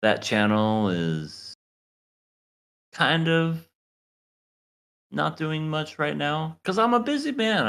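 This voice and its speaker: Brief: man, podcast co-host, low voice, animated delivery, loose jokey chatter. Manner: joking, rambling, laughs often. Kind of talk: casual chat.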